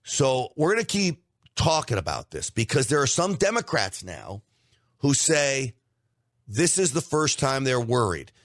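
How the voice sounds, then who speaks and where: A man's voice: mid-range voice, big pitch swings, a little slow, fairly bright tone, no echo. A man hosting a political opinion show, pressing every point with emphasis and doubling up on words. His voice sits in a middling range, and it is recorded close and dry. He talks directly to his audience. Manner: emphatic, repeats words for stress. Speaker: political commentary host.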